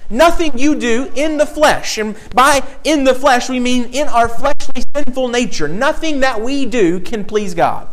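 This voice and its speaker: A man's voice: sits high, a bit bright, poor audio. A man preaching a sermon with an emphatic, repetitive cadence, stressing key phrases.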